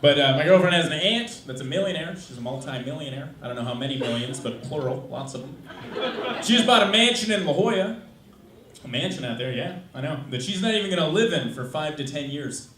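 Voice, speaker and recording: A man performing a stand-up comedy set, dry and deadpan at first, then building to loud yelling. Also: a little high, brisk, noisy background. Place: comedy club stage. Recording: roomy, distant live club recording with loud crowd. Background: loud audience laughter.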